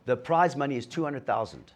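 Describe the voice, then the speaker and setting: A man's voice: medium pitch, a little fast. Man telling his recovery story. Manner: storytelling, acting out dialogue with lively voice shifts. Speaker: guest speaker sharing a recovery story. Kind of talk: motivational talk to an audience.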